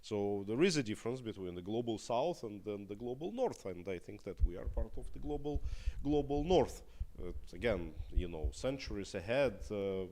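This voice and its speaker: Russian man, low voice, halting, lots of uh and restarts, live q&a. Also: darkish tone. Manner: halting, many fillers and restarts. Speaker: opposition politician guest. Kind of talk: live Q&A talk.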